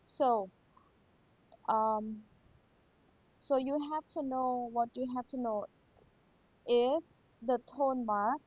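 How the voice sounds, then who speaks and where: A woman's voice: on the high side, slow pace, pauses often, dry recording. A woman teacher with a Thai accent, patiently reviewing material for an exam and repeating key points. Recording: dull lo-fi sound.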